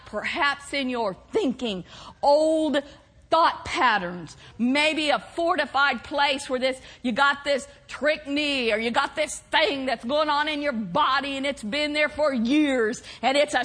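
A woman preacher, delivering a sermon and breaking into loud, exaggerated laughter and whoops. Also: high voice.

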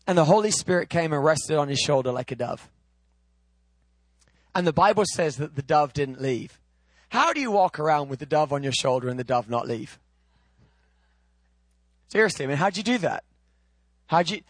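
Preaching a little fast in a high-pitched voice, a man rises into loud, high, ringing declarations, then drops to quiet, close teaching. The sound is dry and up close, with no sense of a room.

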